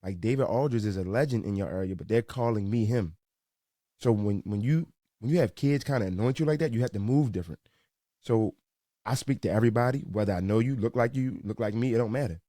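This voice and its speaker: A young man from Baltimore, a sports reporter guesting on a podcast, talking earnestly with a few halting restarts. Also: fairly low pitch, mellow, no echo, studio quality. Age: young adult. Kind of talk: casual podcast chat.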